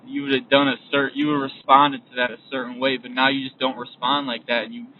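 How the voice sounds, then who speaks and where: A man's voice: mid-range voice, flat delivery, brisk. A young man giving a casual, rambling motivational talk as a podcast host, often repeating himself and restarting his sentences. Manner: casual, repetitive, trails off and restarts. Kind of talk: motivational monologue while driving. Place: in a vehicle. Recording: distant, phone-like lo-fi recording with faint road noise.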